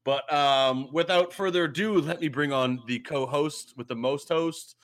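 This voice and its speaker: A man's voice: fairly high pitch, unhurried, fairly bright tone. Hype young gaming podcast host, man. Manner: hype, slangy, repeats himself. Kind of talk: energetic gaming podcast intro.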